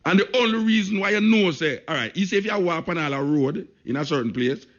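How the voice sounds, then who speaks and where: A man's voice: fairly high pitch, animated, quick pace. Jamaican radio host guy, emphatic, repeats himself a lot, kinda dull lo-fi broadcast sound. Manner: emphatic, repeats phrases for stress, speaks patois. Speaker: radio talk show host. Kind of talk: opinionated radio talk. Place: radio studio.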